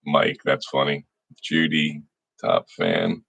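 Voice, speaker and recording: A man's voice: a bass voice, big pitch swings, slow, vocal fry, fairly bright tone. A middle-aged man hosting a livestream, casually greeting viewers by name in a folksy way. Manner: folksy, reads viewer names aloud, frequent restarts. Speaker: state senator hosting a livestream.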